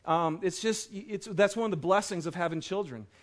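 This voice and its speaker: High-voiced chatty male pastor. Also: normal speed. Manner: chatty and enthusiastic, many fillers. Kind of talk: casual sermon with family stories. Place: church auditorium.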